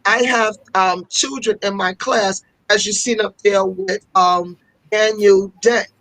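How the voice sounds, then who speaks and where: A woman speaks as a guest on a talk segment, telling long stories with passion and repeating words to drive them home. Her voice sits at a middle pitch. The sound is dry and close, with no room echo. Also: steady tone, slow pace, a bit bright. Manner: passionate storytelling with repetitions. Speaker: fashion school owner and guest. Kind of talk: casual interview talk.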